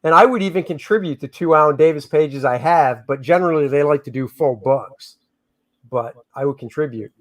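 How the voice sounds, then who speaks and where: A man's voice: on the high side, fairly quick. A middle-aged man hosting a casual livestream, joking with his co-host and reading chat comments aloud. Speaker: comic artist hosting a livestream.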